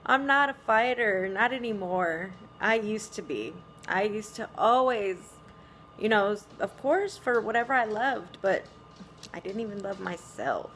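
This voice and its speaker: A woman's voice: mid-range voice, expressive, a little slow, a bit bright, slight background noise. A middle-aged woman talking reflectively to camera, with frequent small laughs and "you know"s. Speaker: vlogger. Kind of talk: casual spiritual monologue.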